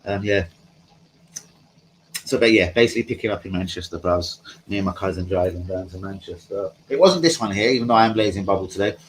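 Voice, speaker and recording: A man's voice: low voice, fast, a little hiss or hum, poor audio. A man hosting a live stream from home, chatting casually in a rambling, slangy way and talking to his viewers. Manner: rambling, slangy, talks to chat.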